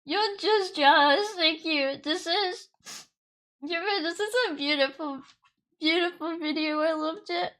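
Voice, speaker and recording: A young woman chats casually through a VTuber reaction stream. Her voice is very high and sharply bright. She giggles often and swears freely. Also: measured pace.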